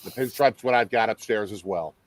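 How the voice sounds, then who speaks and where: A middle-aged man hosting a casual live-stream chat, a father who talks through a baseball game with quick excitable outbursts. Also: fairly low pitch. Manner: animated, excitable, jumps into loud outbursts. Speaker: podcast host and father.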